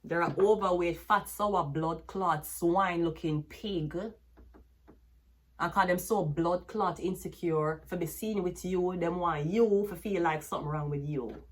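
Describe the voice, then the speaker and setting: A woman's voice: fairly low pitch, unhurried. A woman with a Jamaican accent giving a tarot reading as a brash, cursing rant that slips into patois. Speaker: tarot reader.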